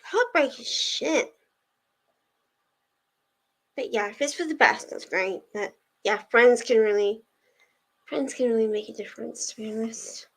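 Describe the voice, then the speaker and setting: A young woman hosts a relaxed livestream and talks to her viewers in a chatty, rambling way. Her voice sits a little high. She takes her time over her words. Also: a little slow, creaky, pauses often. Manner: chatty, rambling, answers chat messages. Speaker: livestream host of reading sprints. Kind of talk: casual chat with live viewers.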